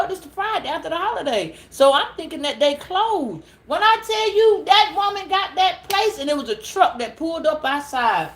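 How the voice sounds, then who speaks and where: High-voiced woman telling a lively story. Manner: animated, laughing, repeats words, calls listeners girl and child. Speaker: tarot reader. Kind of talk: casual storytelling to camera.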